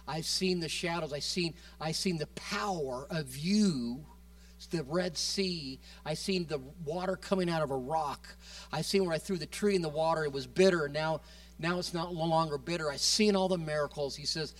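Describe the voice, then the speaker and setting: A man preaching in a slightly raised register, his voice picked up from some way off the microphone. He is animated, restarts his phrases, and keeps checking in with the congregation. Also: normal speed, recorded from a distance. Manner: animated, rises loud and high when quoting Moses; repeats words and restarts, asks the congregation "amen?". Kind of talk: sermon.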